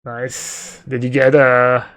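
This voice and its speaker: A male game streamer talks through his plays in a relaxed, unhurried way, answering chat and musing aloud with little fillers. His voice sits at an ordinary middle pitch. It is recorded close and dry on a desk mic. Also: no room sound. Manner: chatty, reads chat aloud, thinks aloud with fillers. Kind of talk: live-stream commentary while playing.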